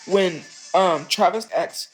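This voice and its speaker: A woman's voice: fairly low pitch, slow, soft background music, low-quality recording. A woman streamer talking in a rambling, emotional, confessional way. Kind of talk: casual rambling stream talk.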